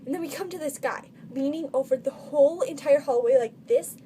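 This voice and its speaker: A woman's voice: high voice, fairly quick, warm tone, slight background noise. A teenage girl telling funny stories in a casual vlog, chatty and full of filler words. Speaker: vlogger.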